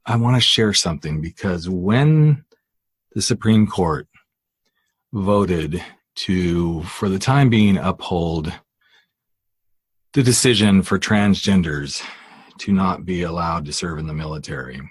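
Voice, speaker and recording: Husky-voiced man ranting on a podcast. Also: low-pitched, a little slow, long pauses, no echo. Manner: emphatic, exasperated, rhetorical questions. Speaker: podcast host. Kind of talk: impassioned solo rant.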